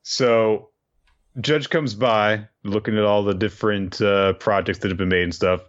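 A man with a very low voice recaps a story in casual chat. He rambles, stacking fillers and tossing off crude asides. The audio is a little dull and lo-fi. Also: fairly even intonation, measured pace. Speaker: podcast host recapping a manga.

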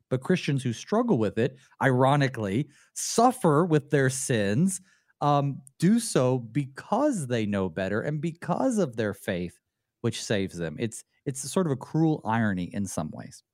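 A male theologian reads scripture in a measured, deliberate way and then discusses it. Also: medium pitch, a little mellow, dry recording, studio quality. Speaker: theologian and co-host.

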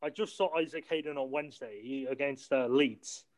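A man's voice: medium pitch, normal speed. A man chatting casually about football, swearing and laughing as he talks.

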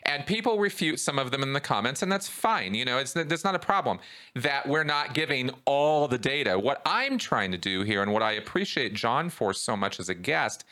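A man hosting a podcast, talking casually and getting animated, his voice climbing when he's worked up. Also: mid-range voice, moderate pace. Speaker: podcast host. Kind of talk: casual conversation.

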